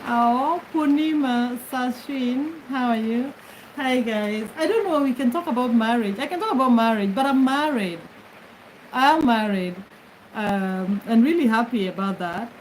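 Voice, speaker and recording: A woman's voice: a little high, measured pace, slight background noise, low-quality recording. A middle-aged woman from Kenya, chatting casually as host of her livestream from her bed and laughing often as she greets commenters. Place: bedroom, lying on her bed.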